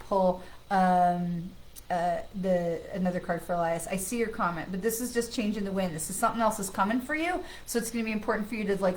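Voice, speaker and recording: A woman's voice: mid-range voice, poor audio. A woman psychic medium doing a live card reading, chatting in a reassuring way and often checking in with "okay?" and "right?". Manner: bursts into loud excited laughter when greeting friends. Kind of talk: live-stream card reading, casual chat.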